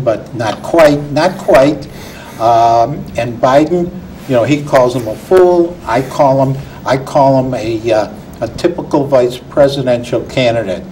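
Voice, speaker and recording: A man's voice: mid-range voice, a little mellow, rough recording. A man speaking as a guest on a political panel, giving firm opinions. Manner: opinionated, emphatic. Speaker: guest commentator. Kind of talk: political discussion. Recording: faint background noise.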